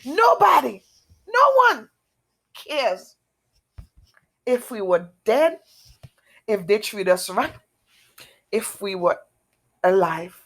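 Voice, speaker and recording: A woman giving an emotional personal testimony, halting and repetitive, speaking earnestly. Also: medium pitch, big pitch swings, fairly bright tone. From outside America.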